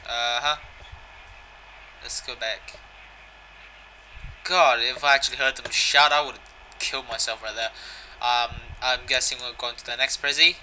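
A young man commentates his way through a video game quest, joking, swearing and reading the characters' lines out loud. His voice is very bright and sharp, over a faint background hiss. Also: mid-range voice, fairly even intonation, a little slow, pauses often, low-quality recording. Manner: jokey, swears, reads dialogue aloud. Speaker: gaming channel host.

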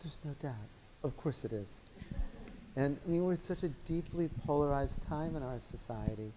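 A man with a Chicago accent, a guest lecturer giving measured, articulate legal answers in a law school lecture room. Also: fairly high pitch, animated, mellow, a little hiss or hum. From Chicago, United States.

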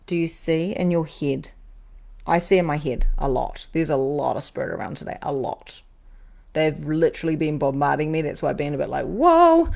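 A woman psychic medium and podcast host talks live to her viewers on a stream, animated and swearing freely while repeating phrases for emphasis. Her voice is deep and gravelly.

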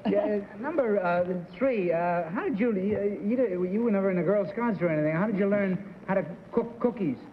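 A man's voice: sits high, a little fast, hardly any pauses. A man on a game show panel, joking and flustered as he questions contestants. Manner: joking and flustered, with many restarts. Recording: dull 1960s TV broadcast, faint hiss.

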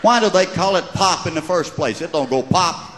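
A man's voice: on the high side, animated, moderate pace, noisy background. A middle-aged man with a Southern drawl doing wry, mocking stand-up storytelling before a live audience. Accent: Southern US (Georgia). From American South. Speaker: stand-up comedian. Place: large live venue with audience. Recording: echoey hall, crowd in background.

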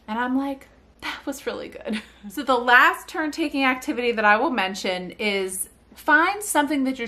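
A woman's voice: medium pitch, sharp tone. A young woman who works as a speech therapist, talking parents through activities in a casual, chatty way and breaking into sing-song baby talk for the examples. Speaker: speech-language pathologist.

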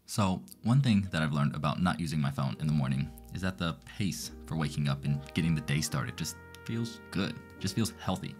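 Calm, very low-voiced man narrating. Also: fairly quick, few pauses, soft background music. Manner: calm and reflective, slightly self-mocking. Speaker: physician vlogger. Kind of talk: relaxed voice-over narration.

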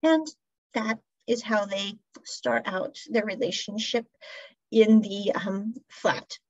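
A woman's voice: mid-range voice, steady tone, takes it slowly, no room sound, dull audio. A woman hosting a podcast, casually recapping a drama in a chatty storytelling way with asides. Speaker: podcast host reviewing a drama series. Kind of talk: casual review monologue.

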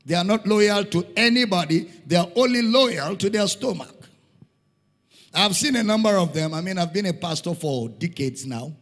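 A man's voice: sits high, lively intonation, moderate pace, fairly bright tone. A middle-aged Nigerian man preaching a sermon in a church hall, emphatic, repeating key lines for stress. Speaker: pastor. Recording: long hall reverb.

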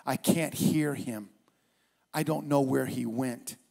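A man's voice: mid-range voice, slow pace, gravelly, dark tone. A male pastor preaching a sermon at a church service in an emphatic, repetitive way.

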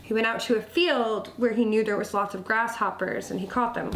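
A woman instructor telling a children's story, expressive and often dropping to a whisper. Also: fairly high pitch. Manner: slow, expressive, drops to whispers. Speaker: nature school instructor. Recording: echoey room, faint background noise.

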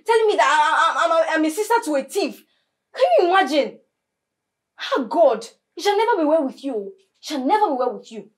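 An actress with a Nigerian accent playing a young woman who rants scornfully at her sister and stammers in anger. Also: very high voice. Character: spiteful, mocking young sister.

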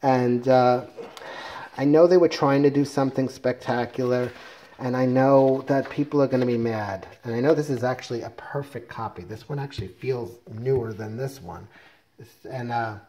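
A man's voice: medium pitch, moderate pace, dark tone, highs cut off, slight background noise. A man casually reviewing a comic book, rambling with self-corrections and jokey asides.

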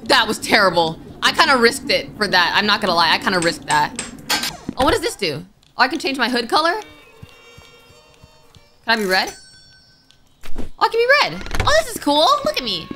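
A woman's voice: mid-range voice, very animated, brisk, long pauses. A woman giving let's-play commentary, jumpy and flustered. She keeps crying out in alarm and pleads with the game under pressure. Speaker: gaming YouTuber. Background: game music.

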